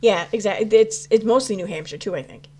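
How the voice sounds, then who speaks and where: A woman's voice: mid-range voice, brisk, darkish tone. A woman talking loosely on a livestream, trailing off and restarting her sentences as she answers chat. She swears freely and breaks into laughter. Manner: rambling, restarts a lot, swears, laughs often. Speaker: commentary channel host reading live chat. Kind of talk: casual livestream commentary.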